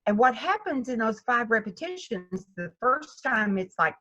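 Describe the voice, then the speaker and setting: A woman's voice: a little high, normal speed, lo-fi sound. A woman golf instructor talking in an interview, telling stories and acting out her students' voices. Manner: animated storytelling, acts out students' voices. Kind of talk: interview conversation.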